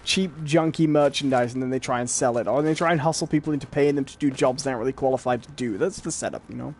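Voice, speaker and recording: A man co-hosting a casual pop-culture podcast, telling stories in a relaxed way with fillers. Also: medium pitch, fast. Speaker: podcast co-host.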